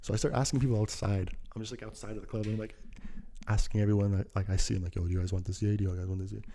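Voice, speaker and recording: A man's voice: fairly low pitch, flat delivery, very fast, dark tone, a little hiss or hum. A young man telling a rambling casual story full of slang, acting out what people said. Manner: rambling, slangy, acts out quoted lines.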